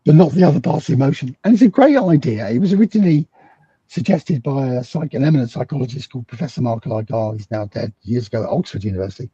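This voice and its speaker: A middle-aged British man recounts a story on a remote call and acts out every line of quoted dialogue. His voice swoops from low to high, and it is raspy with a dark, mellow tone. The sound is dry and muffled, like lo-fi video-call audio. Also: expressive, fast, no echo. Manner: acts out quoted dialogue with big swings in pitch. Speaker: guest psychologist. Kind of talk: animated storytelling in a conversation.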